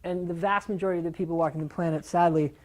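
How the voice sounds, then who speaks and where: A middle-aged dog trainer gives a casual, animated seminar talk, acting out quoted voices and swearing now and then for emphasis. His voice is a little high and his delivery rapid-fire.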